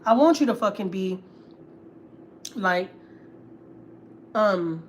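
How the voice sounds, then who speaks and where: This Houston family vlogger, venting on her casual livestream, speaks slowly but animatedly in a mid-range voice, blunt and profane and repeating points for emphasis. A little hiss or hum sits in the background.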